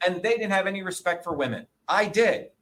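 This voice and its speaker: In a combative interview, a presidential candidate speaks forcefully in a high voice, brisk, profane and indignant, pressing his points emphatically and repeatedly asking "okay?" and "you see?" There's slight background noise.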